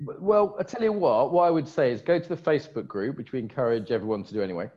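A man's voice: medium pitch, lively intonation, quick pace, warm tone, slightly rough, muffled recording. Teasing man hosting a stream. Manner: jokey, teasing, chatty. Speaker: conference co-host. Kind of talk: casual live-stream chat.

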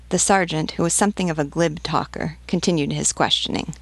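A woman teacher reading a novel aloud with measured, expressive narration. Her voice is low and has a gravelly edge. The recording is dry and close, with no room sound. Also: dry recording.

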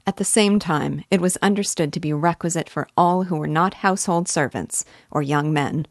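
A woman reads a classic novel aloud for her literature students. Her voice is low and the sound is dry and close, and she keeps a measured, even pace through long sentences. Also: no echo. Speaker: literature teacher.

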